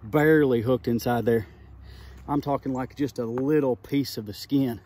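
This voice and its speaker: Excitable folksy man by a creek. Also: medium pitch, moderate pace. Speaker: fishing vlogger. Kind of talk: casual outdoor vlog talk. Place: outdoors by a creek. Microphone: phone held at a distance. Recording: faint phone audio from a distance.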